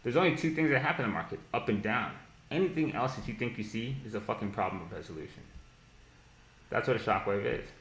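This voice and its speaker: A man's voice: fairly low pitch, expressive, fast, fairly bright tone, echoey room, a little hiss or hum, low-quality recording. A man teaching trading on a live stream, blunt and profane, mocking ideas he dislikes and breaking into laughter. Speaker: market analysis streamer.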